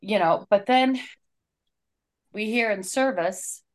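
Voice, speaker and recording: A woman's voice: medium pitch, slow pace. A woman co-hosting a casual talk, retelling a story in an earnest, heartfelt way.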